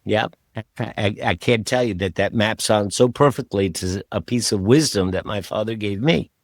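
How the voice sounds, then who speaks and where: A man hosting a podcast interview, talking in a relaxed, rambling way with plenty of fillers and restarts. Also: on the low side, normal speed, dry recording, studio quality. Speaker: podcast host. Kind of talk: casual interview chat.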